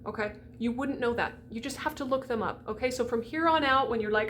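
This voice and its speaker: A woman coaching singers on diction in an animated, chatty way, stopping to demonstrate each sound. Her voice sits fairly high. A faint hiss runs under the recording. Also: a little fast.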